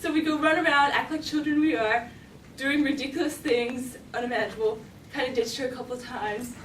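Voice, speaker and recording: On stage, a giggly teen girl recounts a story, saying "like" constantly. She speaks a little fast in a high voice with fairly even intonation, and the recording sounds roomy and distant, with faint ambience and a bit of background noise.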